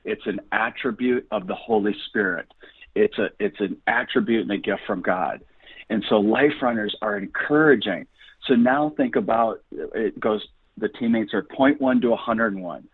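A man's voice: lowish voice, normal speed, husky, no echo. A man guest on a radio interview, talking earnestly and encouragingly like a preacher. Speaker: guest, ministry founder. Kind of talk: enthusiastic radio interview talk. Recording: dry phone-line audio.

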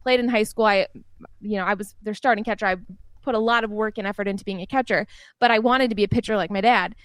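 Fast-talking young woman telling stories. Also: medium pitch, no echo. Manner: chatty, laughs often, animated anecdotes. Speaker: interview guest. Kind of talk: casual storytelling in an interview.

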